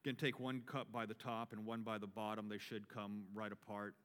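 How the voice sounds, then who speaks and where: A man's voice: lowish voice, flat delivery, fairly quick, a bit bright. A male pastor giving a sermon and leading communion. He builds to emphatic preaching and repeats his key phrases. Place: church sanctuary. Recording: long reverb of a large church.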